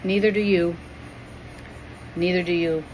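A woman's voice: on the low side, fairly even intonation, unhurried, a little mellow, a little hiss or hum, natural voice, rough recording. Woman voicing a grieving, tender God the Father. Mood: loving. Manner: tender, solemn pleading.

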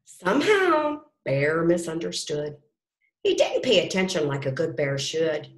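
A woman reading a rhyming picture book aloud to children, with gentle asides to her listeners. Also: on the low side, very animated, a little slow. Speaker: storybook reader. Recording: roomy echo.

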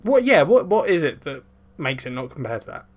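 A young man co-hosting a podcast, easygoing and calmly arguing back in casual chat. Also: a little high, fairly quick. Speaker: podcast co-host.

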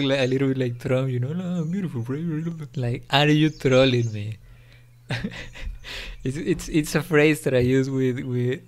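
A man's voice: mid-range voice, smooth. Rambling young man, non-native English. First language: Spanish. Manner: rambling, repeats fillers like "you know" and "don't worry". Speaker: YouTuber. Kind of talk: casual monologue.

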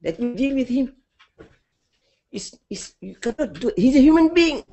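A man's voice: very high voice, expressive, moderate pace, dark tone, muffled recording, voice pushed up, full character voice. A male preacher voicing God speaking to a prophet, firm and commanding. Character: commanding divine voice, patient but firm.

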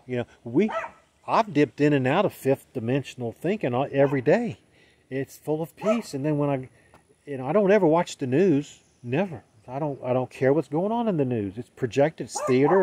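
A man's voice: medium pitch, expressive, normal speed, background noise. A man with a Southern US accent giving a casual, rambling spiritual monologue that restarts itself, with a light chuckle now and then. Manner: rambling, self-correcting, chuckling. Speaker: spiritual vlogger.

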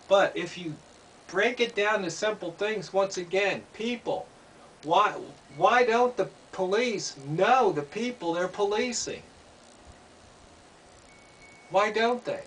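A commentator with a high, slightly bright voice speaks slowly in an opinion monologue, firing pointed rhetorical questions and repeating himself. The mic is distant, with faint background noise.

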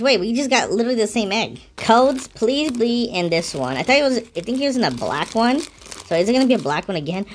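A woman hosting a casual unboxing video, chatty, excitable and slangy, with gasps and giggles. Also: fairly high pitch. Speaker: channel host.

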